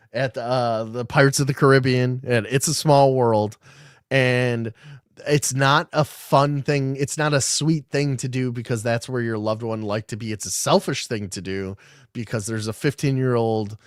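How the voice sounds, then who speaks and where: A man hosting a casual livestream podcast, reading articles aloud and breaking off to riff on them. His talk is irreverent and laced with swearing. His voice sits at an ordinary middle pitch and sounds dry and close, with no room around it. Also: no echo. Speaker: podcast host.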